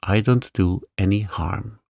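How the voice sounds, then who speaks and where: A man's voice: lowish voice, a little slow, vocal fry, darkish tone, no echo, studio quality. A man voicing a timid, stiff little orphan girl who stammers tremulously in a storybook reading.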